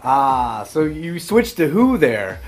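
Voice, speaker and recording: A male co-host trades scripted banter in an eager, playful way. His voice sits a little high, with faint music under it. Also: big pitch swings, slow pace.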